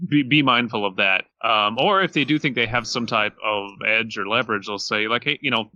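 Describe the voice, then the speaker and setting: A man's voice: on the low side, normal speed, sharp tone, dry recording, lo-fi sound. A man co-hosting a podcast in casual chat, rambling and correcting himself, sounding tired. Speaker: podcast co-host.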